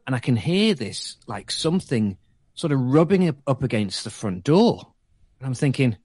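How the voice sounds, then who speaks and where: Male podcast co-host, mid-pitched voice, dry close mic, playful and quick to interrupt. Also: sing-song, darkish tone, dry recording. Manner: jokey interrupter, playful cross-examining. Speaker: podcast co-host, radio presenter. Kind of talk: casual chat.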